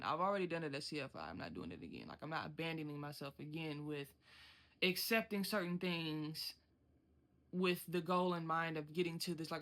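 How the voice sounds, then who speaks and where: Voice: medium pitch, fast, bright, forceful tone. Blunt, slangy truck driver venting on camera. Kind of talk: casual vlog rant. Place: inside a truck cab.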